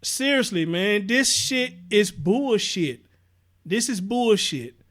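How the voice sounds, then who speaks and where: A man's voice: sits high, animated, slow, a bit bright. A man hosting a live-stream commentary show, talking passionately and profanely and repeating himself as he reacts to viewer comments.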